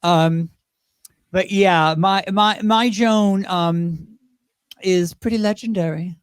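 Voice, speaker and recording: A man with a high voice chats as a talk-show guest, lively and full of asides and restarts. He is close on the mic in a dry room. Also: slow, clear, resonant tone, no echo. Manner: chatty, animated, lots of restarts and asides. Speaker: guest, drag performer. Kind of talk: casual interview chat.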